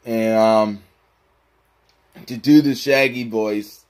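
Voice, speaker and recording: A man's voice: mid-range voice, steady tone, slow, pauses often, a little mellow. A man talking casually to his viewers, rambling and pleading for likes and subscribers. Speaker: YouTuber. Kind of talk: casual vlog talk.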